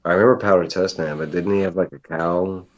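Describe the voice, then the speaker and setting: A man from the East Coast chatting in a relaxed, drawling way. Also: sits low, fairly quick. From near New York State, East Coast. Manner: relaxed, drawling, says y'all. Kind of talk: casual chat. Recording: dull lo-fi remote audio.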